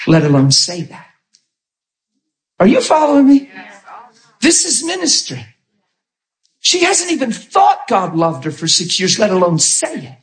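A man preaching a sermon, telling stories with animated delivery and acting out the quoted voices in soft tones. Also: sits high. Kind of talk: sermon storytelling. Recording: echoey room.

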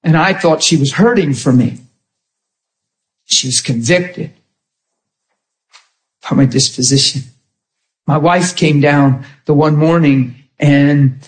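A man preaching a sermon, telling a personal testimony in an animated way, swinging from hushed to emphatic. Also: mid-range voice.

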